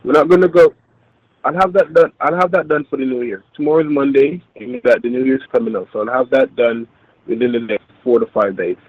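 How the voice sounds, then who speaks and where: A man calling as a phone scammer, speaking in a calm, insistent, businesslike way. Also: medium pitch, a little fast, no echo, highs cut off. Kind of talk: phone call.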